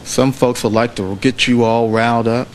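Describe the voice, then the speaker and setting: A trial lawyer giving a closing argument to a jury in a courtroom, speaking in a measured way and repeating phrases for emphasis. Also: male voice, medium pitch, steady tone, slight background noise, rough recording.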